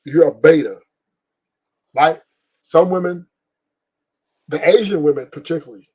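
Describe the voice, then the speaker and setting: Husky-voiced blunt middle-aged man. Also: a little high, dark tone. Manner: blunt, rambling, profane, laughs often. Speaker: podcast host. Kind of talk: casual opinion talk on a live stream.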